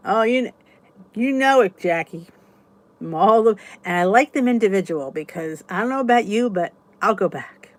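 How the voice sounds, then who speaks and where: A woman's voice: mid-range voice, expressive, moderate pace. A woman hosting a casual live-stream support chat, chatting in a rambling way and reading viewers' comments aloud.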